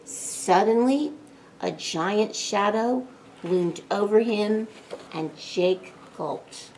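A woman librarian reading a picture book aloud at storytime, playful and animated, putting on voices for the characters. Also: mid-range voice, drawn-out words, slight background noise. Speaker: children's librarian.

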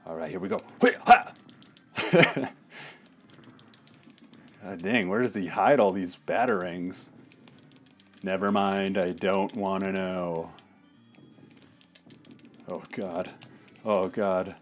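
Low-voiced man doing unhurried let's-play commentary, swears and trash-talks, faint game music behind. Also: steady tone. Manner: trash-talking, swearing, jokey outbursts at the game. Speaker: podcast co-host playing a video game.

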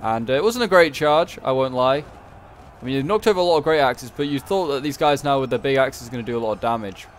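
A man's voice: mid-range voice, fast talker, slight background noise. A man giving casual, chatty commentary over a strategy game battle, rambling and correcting himself as he goes. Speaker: gaming video creator.

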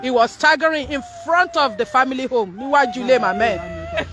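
A woman's voice: high-pitched, a little fast. A Nigerian woman live-streaming from a street scene, shaken and tearful, speaking urgently, repeating herself, and switching into Yoruba. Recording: crowd noise outdoors.

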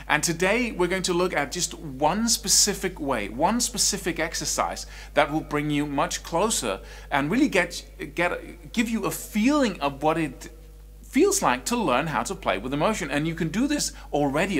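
Male guitar teacher, lively, slightly high voice, explains in an animated, conversational way. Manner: animated, swings between quiet and loud speech to demonstrate. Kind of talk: online music lesson.

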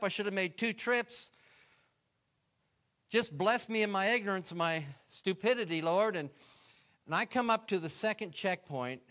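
A man's voice: mid-range voice, fairly bright tone. A middle-aged man, a guest speaker, telling a story in a sermon and acting out his own prayers.

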